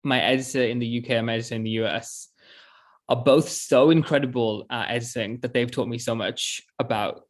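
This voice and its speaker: A man's voice: medium pitch, fairly even intonation, fairly quick. A man in his twenties, an author, talking earnestly in a casual interview over a video call, often laughing and restarting his sentences. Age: 20s.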